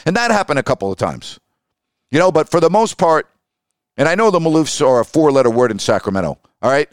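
A middle-aged man hosting a podcast, telling stories in an emphatic, animated way. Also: medium pitch, brisk, clear, resonant tone, dry recording, clean studio sound. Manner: emphatic, animated, acts out quoted voices. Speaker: podcast host and sports broadcaster. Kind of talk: storytelling monologue.

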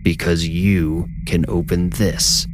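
A man voicing a sinister skinny male stranger who speaks slowly in a deep, cool, threatening voice. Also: fairly even intonation, background noise. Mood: menacing. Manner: slow, menacing.

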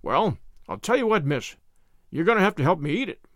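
A man reading aloud and voicing a blunt, hasty old farmer who speaks his mind briskly. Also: fairly high pitch, big pitch swings, a bit bright, no echo, studio quality. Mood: blunt, friendly. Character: gruff outspoken older farmer, hasty but kindly.

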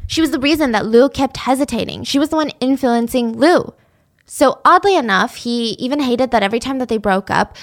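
A young woman telling a true-crime story in a casual, chatty way, full of "like". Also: fairly high pitch. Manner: chatty, lots of "like".

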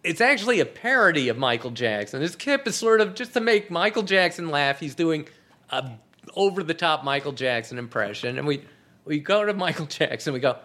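A man's voice: fairly high pitch, big pitch swings, normal speed, sharp tone. A man guest in an interview, telling anecdotes and acting out quoted dialogue, laughing often. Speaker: guest, TV comedy writer. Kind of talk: casual storytelling in an interview. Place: apartment.

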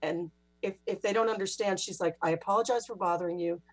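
A woman's voice: mid-range voice, fast talker. A woman, a guest author, telling stories in a casual interview and acting out what others said. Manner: animated, acts out quoted voices.

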